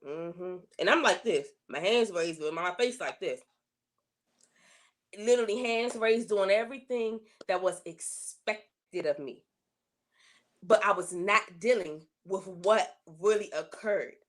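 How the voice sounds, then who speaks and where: Speaking a little slowly, a woman guest in an interview shares her personal faith story, earnest and emotional and repeating herself. When she recounts complaining to God, her pitch climbs.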